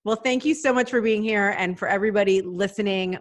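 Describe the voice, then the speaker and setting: A woman's voice: mid-range voice, brisk, hardly any pauses, soft background music. A woman hosting a podcast, enthusiastic and affirming in casual conversation. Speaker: podcast host.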